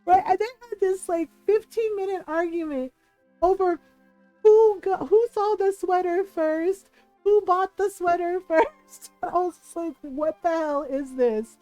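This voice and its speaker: A woman streaming a game and chatting casually, telling animated stories with frequent laughs and lots of "like" fillers. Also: very high-pitched, unhurried, soft background music. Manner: animated storyteller, laughs often, many "like" fillers. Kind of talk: casual chat while playing a game.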